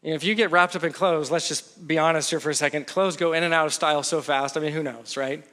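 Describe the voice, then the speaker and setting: A man's voice: fairly high pitch, steady tone, quick pace, bright, forceful tone. A man, a pastor with a young daughter, preaching a conversational sermon, mixing humor and acted-out quotes into his teaching.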